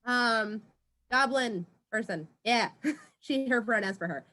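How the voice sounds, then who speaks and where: A player introducing themself in a tired, hesitant way at the game table. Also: female voice, a little high, slow, pushed and bright. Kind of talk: casual chat with friends.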